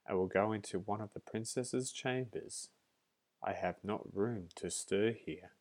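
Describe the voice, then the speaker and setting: A man's voice: on the low side, measured pace, a little mellow, close to an everyday voice. A man voicing a defiant hungry little bee grub. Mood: insistent. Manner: pleading, insistent.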